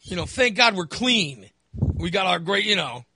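A man's voice: sits high, big pitch swings, normal speed, pushed and bright, slightly rough, no echo. A middle-aged man hosting a podcast, ranting in casual chat with plenty of profanity and exasperation. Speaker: podcast host.

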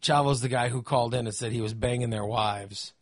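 A man hosting a podcast, chatting casually and ranting with animated, profane energy. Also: mid-range voice, a little fast, no room sound, studio quality. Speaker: podcast host.

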